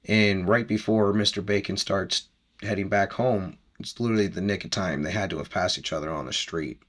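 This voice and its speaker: A man's voice: deep voice, moderate pace, fairly bright tone. A man hosting a podcast, casually recapping a book chapter in a rambling, chatty way with easy laughs.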